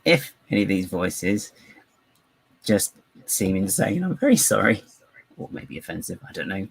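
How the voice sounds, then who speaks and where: A man's voice: fairly low pitch, big pitch swings, normal speed, gravelly, slightly rough, no echo, poor audio. A man chatting live while building, rambling, giggly and self-mocking. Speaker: live-streaming LEGO builder.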